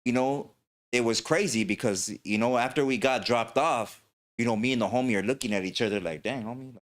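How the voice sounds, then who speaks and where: A man's voice: medium pitch, fairly quick. A man, hosting a podcast and telling stories in a slangy, rambling way. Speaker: podcast host. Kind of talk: casual podcast storytelling.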